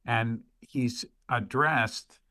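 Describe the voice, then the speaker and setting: A man appearing as a podcast guest, speaking in a measured, deliberate way with pauses. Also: medium pitch, steady tone, bright, forceful tone, no room sound, clean studio sound. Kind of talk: reflective podcast discussion.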